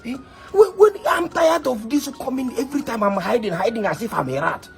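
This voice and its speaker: A man's voice: very high-pitched, expressive, fairly quick, gravelly, soft background music. A man with a Nigerian accent playing a titled suitor in a comedy skit, pleading and repeating himself. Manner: pleading, repeating words, mixing in pidgin and Igbo.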